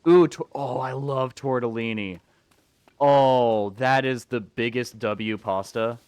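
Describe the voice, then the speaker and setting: A man streaming a video game, chatting and rambling casually with excitable outbursts. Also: medium pitch, slow pace, clear, resonant tone, dry recording. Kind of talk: casual gameplay commentary.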